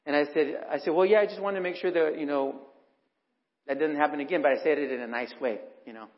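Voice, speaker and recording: Middle-aged male preacher, conversational storyteller, slightly high voice, muffled hall recording with long echo. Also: fast talker. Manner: conversational storytelling, acts out quotes. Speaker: pastor. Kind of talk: sermon with personal stories. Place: church hall. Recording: dull recording in a reverberant hall.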